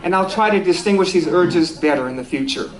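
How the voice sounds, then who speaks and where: A man's voice: high voice, a little fast, low-quality recording. A man giving a conversational sermon at a spiritual center, easygoing and self-deprecating, with restarts and small laughs.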